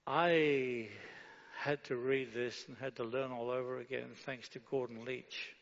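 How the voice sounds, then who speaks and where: A man's voice: medium pitch, steady tone, unhurried. A man preaching a sermon, asking rhetorical questions and leading the congregation through a prayer. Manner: rhetorical questions answered with a firm no; leads the congregation in reading prayer aloud. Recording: dull sound with long hall reverb.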